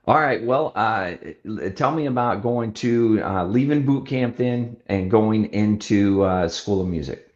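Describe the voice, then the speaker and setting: A man's voice: fairly low pitch, expressive, unhurried, a little mellow, highs cut off. A man hosting an interview who asks questions and gives short, encouraging replies. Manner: brief encouraging responses. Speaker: interview host.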